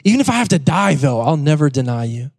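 A man's voice: a little high, big pitch swings, quick pace, gravelly, a little mellow, heavily acted. A preacher acting out a brash, overconfident male apostle who keeps insisting he can be trusted. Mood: boastful. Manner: brash, pleading, talking over objections.

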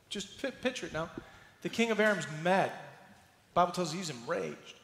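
A man preaching a sermon as pastor, telling the story in an animated, playful way and acting out scenes. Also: high-pitched, moderate pace, gravelly. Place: church sanctuary. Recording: roomy hall reverb.

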